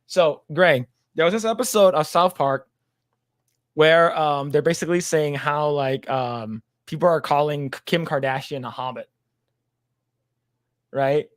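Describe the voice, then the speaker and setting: A man's voice: fairly high pitch, measured pace, no echo, clean studio sound. A man co-hosting a casual podcast chat, rambling with many fillers and laughing as he retells jokes. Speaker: podcast co-host.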